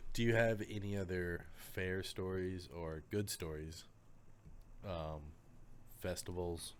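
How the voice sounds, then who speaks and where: Low-voiced joking man co-hosting. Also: steady tone, a little hiss or hum. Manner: joking, quick to tease. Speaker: podcast co-host. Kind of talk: casual chat.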